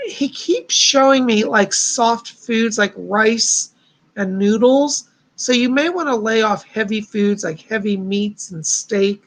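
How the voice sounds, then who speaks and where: A man's voice: high-pitched, slow. A man hosting a live stream of psychic readings, talking in a chatty, reassuring way with a somewhat strained voice. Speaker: psychic host.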